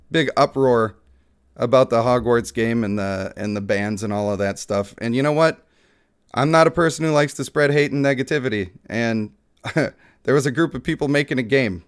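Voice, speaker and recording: A man hosts a mobile gaming channel in a medium-pitched voice, speaking at a moderate pace and pausing often. He chats casually, laughs a lot, jokes at his own expense, and slips into bits of dramatic reading.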